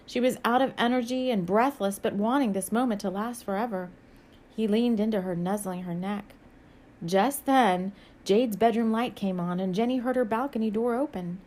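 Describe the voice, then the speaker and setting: A woman's voice: mid-range voice, normal speed, a little mellow. A woman author reading her own romance novel aloud, then giving a musing spiritual message with frequent hesitations and small laughs.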